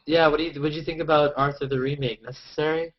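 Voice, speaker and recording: A man's voice: on the high side, fairly even intonation, fast talker, slight background noise. A man hosting a casual video-call chat, bantering playfully and joking. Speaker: host. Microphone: headphones on a video call. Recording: dull lo-fi web call.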